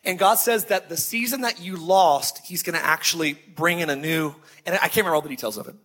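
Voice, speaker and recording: A man preaching a sermon, telling stories in a conversational way and slowing down to stress key phrases. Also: a little high, fairly bright tone, slightly rough. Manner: conversational storytelling with emphatic slowed phrases.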